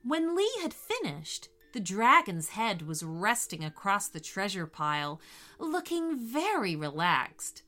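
A woman reads a bedtime story aloud, slow and soothing. Her voice is bright and clear with lively rises and falls. Soft music plays behind her. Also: medium pitch. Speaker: narrator.

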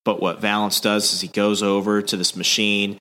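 A man with a lowish but bright, forceful voice talks through a comic story in a loose podcast chat. He is casual, full of fillers, and swears freely. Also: flat delivery, moderate pace. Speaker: podcast host.

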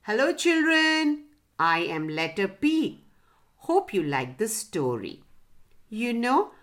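Talking letter P, friendly teacher type, slow and lively for kids, voiced by a woman. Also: mid-range voice. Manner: friendly, teacherly, addresses children.

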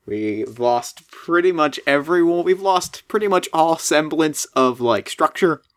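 A man's voice: fairly high pitch, animated, unhurried, a bit bright. A man playing in an improvised tabletop role-play, talking in a rambling, hesitant way. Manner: rambling, hesitant, full of fillers. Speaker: player.

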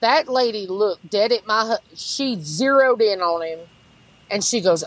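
A woman, a podcast guest telling stories in an animated way, laughing and acting out what others said. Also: medium pitch, unhurried, rough recording. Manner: animated, laughs through stories, acts out quotes. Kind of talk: casual storytelling.

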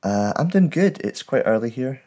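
A Scottish man in his thirties, a guest talking in a thoughtful, articulate and steady way in a casual interview. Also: medium pitch, moderate pace. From Scotland. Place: at home.

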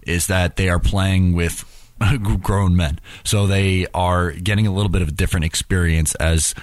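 A man's voice: deep voice, steady tone, normal speed, no room sound. A man co-hosting a casual sports podcast, easygoing and agreeable. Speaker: podcast co-host.

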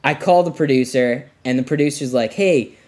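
This young man's voice is medium in pitch and darkish in tone, and he talks fairly quickly. As a podcast guest, he rambles through a long, casual story, packing it with "like" and laughing between lines.

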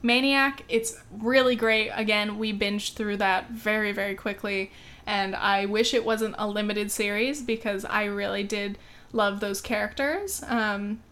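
With a steady tone and measured pace, an American woman casually reviews movies on camera. Her voice is mid-range and fairly bright, and her loose chatter is full of "um" and "like," flaring up now and then.

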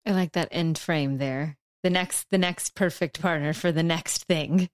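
Woman podcast host, reflective interviewer, lower voice, dry recording. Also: fairly even intonation, measured pace, no room sound. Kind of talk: interview conversation.

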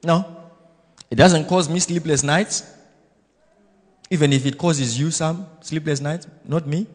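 A man pastor preaching a blunt, self-assured sermon, swinging between loud exhortation and quiet asides. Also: fairly high pitch, steady tone, unhurried, in a large hall. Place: church hall.

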